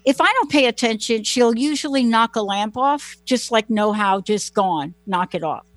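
A woman's voice: a little high, expressive, moderate pace, no echo. Rambling woman host, dry close sound. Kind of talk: casual chat.

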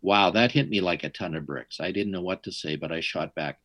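A middle-aged man, an interview guest, telling his story in an animated, wry way. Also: deep voice, a little fast, no room sound.

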